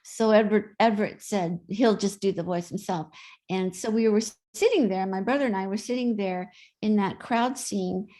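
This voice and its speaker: A woman's voice: mid-range voice, moderate pace, dark tone. A woman guest in an interview, chatting and telling stories in an easy way. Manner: chatty anecdotal storyteller. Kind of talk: casual interview storytelling.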